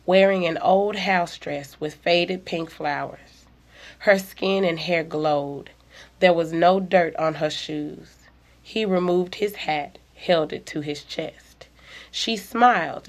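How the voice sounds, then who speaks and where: A woman narrating a story with a fairly low voice and a slow, deliberate pace. Her reading stays measured and low-key, letting each line settle.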